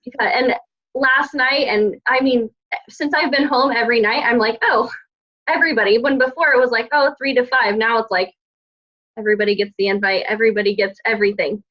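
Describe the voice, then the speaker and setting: A woman's voice: a little high, steady tone, a little fast. A woman coach telling her team about a weekend in a heartfelt, gushing way, full of "like". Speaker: team coach on a group call. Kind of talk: emotional casual sharing. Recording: dull lo-fi call audio.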